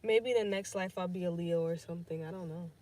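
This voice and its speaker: A woman's voice: on the low side, fast, a little mellow. A young woman hosting a casual podcast livestream, rambling and swearing as she thinks aloud, with lots of fillers. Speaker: podcast host.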